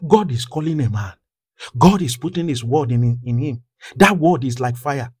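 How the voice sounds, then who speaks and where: A man delivers an impassioned sermon on a fairly high voice, his delivery climbing in force as he presses each point. He reads old-style scripture and then preaches with mounting fervor. The sound is dry and close, with no room echo. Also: lively intonation, normal speed, slightly rough. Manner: fervent, grows louder and higher in pitch as he builds; reads scripture in King James wording.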